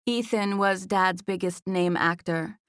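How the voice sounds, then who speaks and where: A woman narrating a first-person romance audiobook in an even storytelling voice, recorded in a studio. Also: medium pitch, a little slow, clean tone, dry recording.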